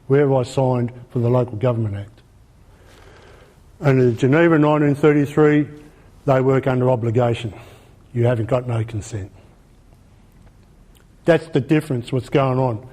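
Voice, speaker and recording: A man's voice: medium pitch, moderate pace, long pauses, dark tone. A man with an Australian accent giving an informal presentation, emphatic, repeating his points and asking rhetorical questions. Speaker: speaker.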